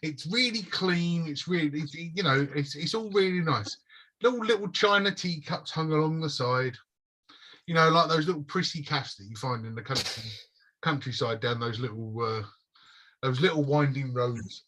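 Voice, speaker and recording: A man's voice: fairly high pitch, normal speed, sharp tone. A man running a tabletop role-playing game as game master, describing scenes in a rambling way and searching for words.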